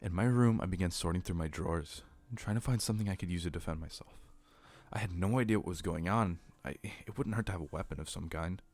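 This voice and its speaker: A man reading a horror story aloud as narrator, steady and earnest. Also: low-pitched, quick pace.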